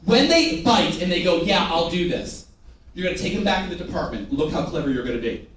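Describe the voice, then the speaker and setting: A man with a high voice works a live room as a sales trainer, calling out lines for the audience to say back and ribbing people by name. He sounds distant, caught by a mic set far from him, with heavy echo filling the large room and a faint hiss underneath. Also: quick pace. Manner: energetic, call-and-response with the audience; teasing, loud bursts. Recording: echoey room recorded from far off.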